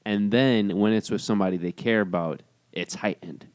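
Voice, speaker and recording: A man's voice: lowish voice, moderate pace, no echo, studio quality. A man co-hosting a casual podcast, explaining a topic earnestly with frequent restarts. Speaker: podcast co-host. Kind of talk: casual chat.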